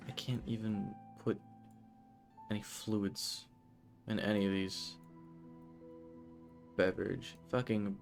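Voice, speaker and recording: A man's voice: fairly low pitch, flat delivery, slow, gravelly, pauses often, over music. A man streaming a game, talking to himself in a grumbling, frustrated way. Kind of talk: casual gameplay commentary.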